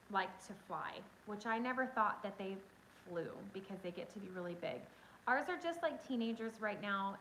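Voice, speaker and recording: A woman's voice: mid-range voice, slight background noise, poor audio. Chatty woman streaming from her phone. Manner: chatty, excitable, addresses viewers directly. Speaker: livestream host. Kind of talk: casual storytelling chat.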